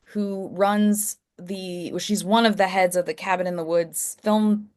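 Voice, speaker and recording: A woman guest on a podcast, chatting casually in an effusive, animated way and laughing often. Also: mid-range voice, a little slow. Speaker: guest, film company marketing executive.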